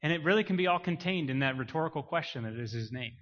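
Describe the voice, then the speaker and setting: Male preacher, dynamic delivery from hushed to loud, somewhat high voice, muffled recording. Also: expressive, fast. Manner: dynamic, swings between quiet emphasis and loud rising declarations. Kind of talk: sermon. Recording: muffled sound with long hall reverb.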